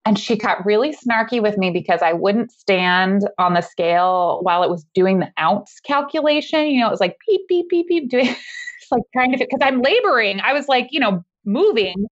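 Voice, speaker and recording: A woman telling a personal story as a podcast guest, in a casual, animated way, laughing often as she talks. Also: mid-range voice, moderate pace, lo-fi sound.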